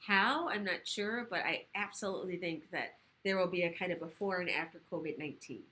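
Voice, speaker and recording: There's a lowish quality to this woman's voice as she hosts a casual living-room livestream about sexual health. She's animated and quick, swearing without a second thought.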